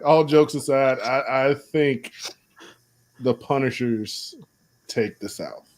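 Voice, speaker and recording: An excitable man co-hosting a casual live stream. His voice sits at a middle pitch. He laughs readily and rushes ahead when he argues a point. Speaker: co-host.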